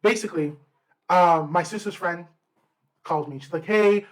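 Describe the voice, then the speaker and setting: A young man co-hosting a podcast, casually telling a story in a rambling, animated way with slang and fillers. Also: fairly high pitch, normal speed, low-quality recording. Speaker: podcast co-host.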